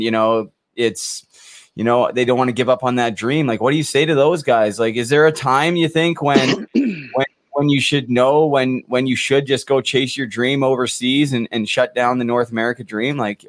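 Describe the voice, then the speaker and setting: A man's voice: medium pitch, dry recording. A man hosting a casual podcast interview, asking loose, rambling questions with fillers. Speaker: podcast host.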